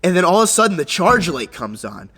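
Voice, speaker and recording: A young man vlogging, telling a story in a casual, animated, profane way and acting out the voices of others. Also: sits high, fast, breathy edge, long reverb tail.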